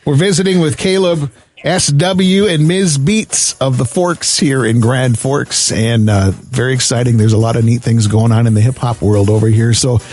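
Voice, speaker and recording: A man's voice: mid-range voice, fairly even intonation, a little mellow. A man hosting a live radio interview, upbeat and firing off questions one after another. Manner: upbeat, asks questions in quick strings. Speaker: radio show host. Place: radio studio.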